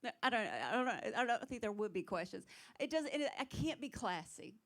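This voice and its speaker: A woman with a Southern accent works a small club as the headliner. Her voice sits fairly high and she talks in a drawling, self-mocking way. Now and then she breaks into loud put-on voices. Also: big pitch swings, moderate pace. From South Carolina. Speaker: headlining stand-up comedian. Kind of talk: stand-up comedy set. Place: small comedy club stage.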